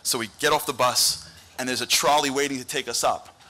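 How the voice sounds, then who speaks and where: Bright-voiced man telling a story. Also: mid-range voice, fairly quick. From United States. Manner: animated, acts out quoted voices. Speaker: dinner speaker. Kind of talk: storytelling speech. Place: banquet hall event.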